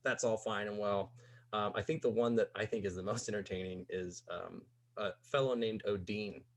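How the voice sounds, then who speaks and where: Low-voiced man telling a rambling story. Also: steady tone, moderate pace. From Missouri, USA. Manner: rambling, peppers speech with "like" and "um". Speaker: podcast guest. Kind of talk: casual storytelling.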